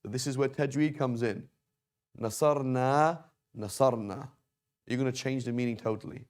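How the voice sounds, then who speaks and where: A man's voice: medium pitch, steady tone, fast talker, a little mellow. A man teaching a grammar lesson at a whiteboard, explaining patiently and checking in often with "right?" and "okay?". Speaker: Arabic teacher. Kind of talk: classroom lesson on verb conjugation.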